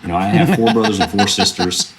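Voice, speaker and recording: Against a noisy background, a film producer in his thirties speaks in a steady, fairly quick voice on the low side. As a podcast guest in a casual interview, he tells earnest stories, rambling with fillers and restarts.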